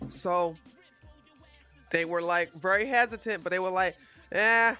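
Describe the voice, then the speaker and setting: Blunt, profane woman ranting in a bright voice. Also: fairly low pitch, measured pace, smooth, soft background music. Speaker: political commentary host. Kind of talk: live-stream commentary rant.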